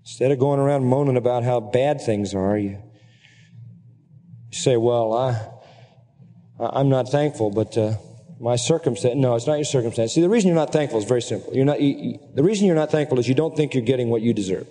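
A man's voice: medium pitch, fast talker, dark tone, a little hiss or hum. A man preaching a sermon as pastor, earnestly exhorting his congregation and reeling off scripture references. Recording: long reverb from a large hall.

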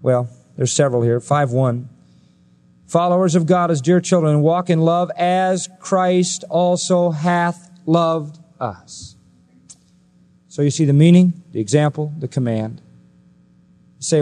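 A man preaching a sermon, emphatic and full of rhetorical questions, often swinging his pitch up high and dropping it low. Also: animated, unhurried, a little mellow.

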